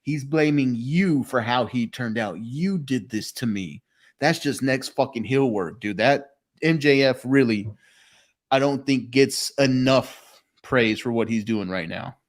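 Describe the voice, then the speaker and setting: A man's voice: medium pitch, a little slow. A man hosting a casual podcast chat, swearing freely and telling stories with lots of laughter. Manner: profane, storytelling, laughing often. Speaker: podcast host. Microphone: phone call.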